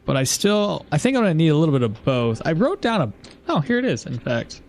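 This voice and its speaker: A man's voice: a little high, very animated, a little fast, darkish tone. A man giving casual gameplay commentary, thinking aloud as he plays and laughing at chat messages. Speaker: gameplay streamer.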